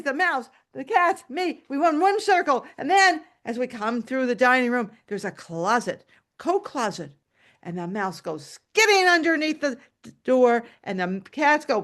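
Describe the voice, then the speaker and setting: Animated woman telling a story, pitched a bit high. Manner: animated and dramatic, shouting at high points. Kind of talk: live oral storytelling. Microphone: video call.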